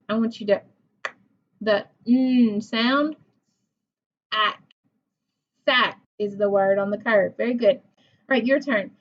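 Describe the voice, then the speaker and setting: A slow-talking woman with a fairly high voice teaches phonics to young children. She sounds out each syllable patiently and praises answers warmly. The recording is dull and lo-fi. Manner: patient, encouraging, sounds words out.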